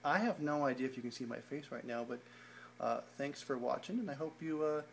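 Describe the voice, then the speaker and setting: A man's voice: mid-range voice, brisk, vocal fry, a little hiss or hum. A man giving a casual, rambling tour of his indoor garage garden, filmed on a handheld phone, with self-deprecating asides and many fillers. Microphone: phone camera held while walking.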